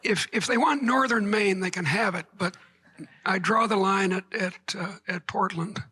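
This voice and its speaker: A woman's voice: mid-range voice, normal speed, bright, forceful tone, husky, low-quality recording. A woman giving a conference keynote lecture to a live audience, wry and digressive, with joking asides. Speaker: keynote speaker.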